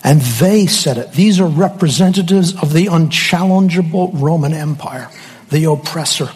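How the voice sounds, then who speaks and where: A man preaching a sermon slowly and emphatically, with dramatic pauses. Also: fairly high pitch, a little mellow, slightly rough, big-room sound.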